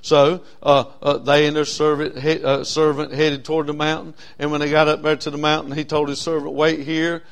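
A man preaching a sermon in a folksy way, swinging between loud stressed words and soft drawn-out phrases. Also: a little high, completely flat delivery. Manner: folksy, with frequent uh fillers. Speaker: pastor.

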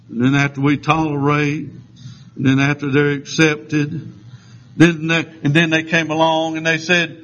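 A man preaching a fiery, emphatic sermon, often pausing for "amen.". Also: fairly high pitch, little pitch movement, a bit bright. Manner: fiery, emphatic, punctuated with amens. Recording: dull lo-fi sound.

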